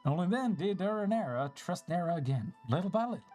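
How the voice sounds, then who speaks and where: A streamer voicing an ancient, wistful little forest spirit from a game, with a slow storybook lilt. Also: mid-range voice, animated, a little mellow, soft background music, natural voice. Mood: solemn. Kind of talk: reading game dialogue aloud.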